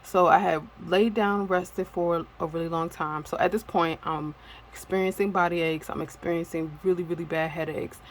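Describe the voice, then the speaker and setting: A woman's voice: on the low side, fairly even intonation, moderate pace, a little hiss or hum, rough recording. A woman telling a personal story in a casual vlog, candid and rambling, with many fillers. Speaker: vlogger.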